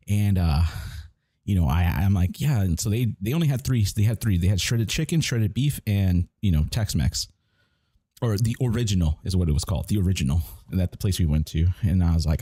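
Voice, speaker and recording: Male streamer, low and mellow, loose profane storytelling, dry close mic. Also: fairly quick, husky, no echo. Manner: rambling, profane storytelling with restarts. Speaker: gamer chatting on stream. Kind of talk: casual chat while gaming.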